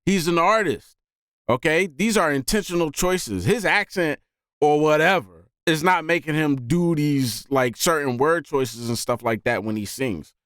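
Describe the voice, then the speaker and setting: A man hosting a music reaction video, talking casually and excitedly and often saying "man". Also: fairly high pitch, unhurried, clean tone, no room sound, studio quality. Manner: animated, often says "man".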